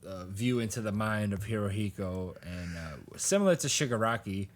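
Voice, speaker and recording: A man's voice: on the low side, animated, moderate pace, slight background noise. A man co-hosting a podcast, casually recapping a comic, rambling and laughing often as he acts out lines. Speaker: podcast co-host.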